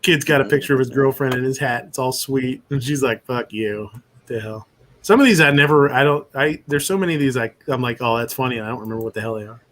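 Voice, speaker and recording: A man's voice: medium pitch, fast talker, a bit bright, slight background noise. A man hosting a live stream, reacting to viral clips with blunt, profane, joking commentary and frequent laughs.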